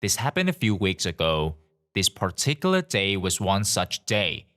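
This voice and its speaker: A man reading forum stories aloud in an expressive way. His voice sits on the low side and moves a lot in pitch. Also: moderate pace. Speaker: narrator of online stories.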